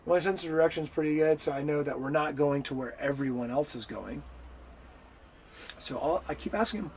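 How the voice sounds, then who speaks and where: Male interview guest, casual storyteller, animated and profane, light faint background noise. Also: fairly high pitch, a little fast, vocal fry. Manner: animated, swears freely, acts out the voices in his story.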